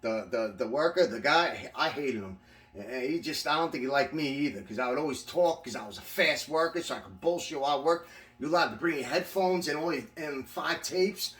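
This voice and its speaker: A man with a fairly high, slightly bright voice talks briskly and with animation, sitting far from the mic in an echoey room. He's casually telling stories about his time in prison, cursing freely and rambling with lots of restarts.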